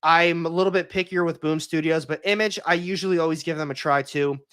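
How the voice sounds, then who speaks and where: A young man chats on his livestream in a slightly higher voice, rambling and opinionated. He keeps restarting his sentences as he talks. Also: fairly even intonation, fairly quick, a bit bright, smooth. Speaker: comics YouTuber hosting a livestream. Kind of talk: casual livestream chat.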